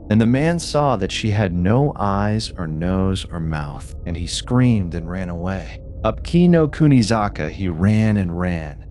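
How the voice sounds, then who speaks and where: A man with a fairly low voice reading old ghost stories aloud for sleep. His delivery is measured and unhurried, yet his intonation moves expressively up and down, and a faint hiss sits under the voice. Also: expressive, a little mellow. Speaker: narrator. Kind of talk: storytelling for sleep.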